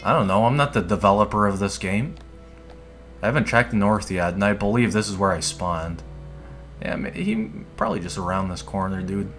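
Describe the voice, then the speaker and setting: Faint music sits behind a man with a fairly low, slightly bright voice speaking at a moderate pace. He casually narrates his dungeon game run as a streamer, wandering off topic, easygoing and cursing often.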